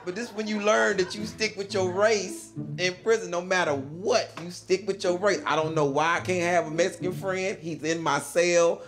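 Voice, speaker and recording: Male comic, slow easy storytelling, acts out the voices, slightly raised pitch, music bed behind. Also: fairly even intonation. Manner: laid-back drawl, acts out voices, laughs at own lines. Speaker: stand-up comedian. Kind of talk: stand-up storytelling over animation.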